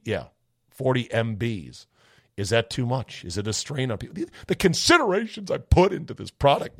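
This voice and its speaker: A man's voice: mid-range voice, dry recording. A man hosting a podcast rambles through a listener's email with sarcastic, profane asides. His voice sits in an ordinary middle register and sounds a little off. The recording is dry and close, with no room around it. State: voice a bit off. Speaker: podcast host. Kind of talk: casual solo chat reading a listener email.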